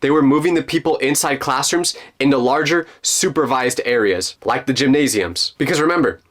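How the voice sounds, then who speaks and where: A man's voice: mid-range voice, moderate pace, fairly bright tone. A young man narrating a personal story, building suspense and dropping joking asides.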